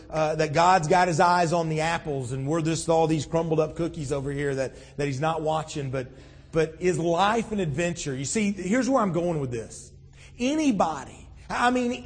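A man preaching a sermon as pastor, conversational, with frequent restarts and fillers. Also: fairly high pitch. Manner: conversational, many restarts and "you know". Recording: long hall reverb.

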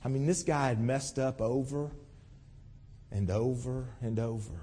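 A man's voice: medium pitch, measured pace, mellow, slightly rough. A man preaching a conversational sermon, reading scripture and explaining it in an earnest, storytelling way. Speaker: pastor. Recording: long hall reverb.

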